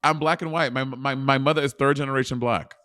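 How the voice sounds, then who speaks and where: A man's voice: medium pitch, fairly even intonation, fast, a bit bright, close to an everyday voice. A man playing a brash, crude actor in an improvised interview bit, boastful and outrageous.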